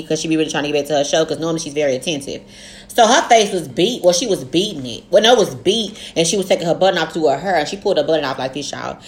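Young woman cohost, rapid animated storyteller, swears freely, lower-set voice. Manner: fast, animated storytelling, heavy cursing. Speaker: podcast co-host. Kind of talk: casual chat.

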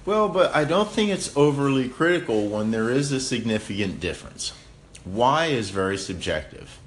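A man's voice: medium pitch, big pitch swings, moderate pace, slight background noise. A man in a casual debate, musing aloud and often restarting or repeating words.

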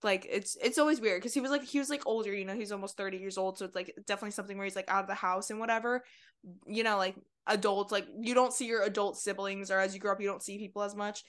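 A young woman co-hosting a podcast, talking candidly and rambling, with a dark sense of humor. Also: mid-range voice, steady tone, fast talker. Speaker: podcast co-host. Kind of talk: casual chat.

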